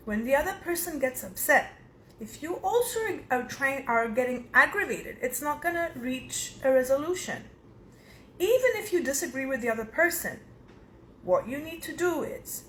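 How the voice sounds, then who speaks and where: A woman from Cyprus speaking as a personal development speaker, giving advice in a calm, measured, instructive monologue. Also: high-pitched, slight background noise. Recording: roomy echo.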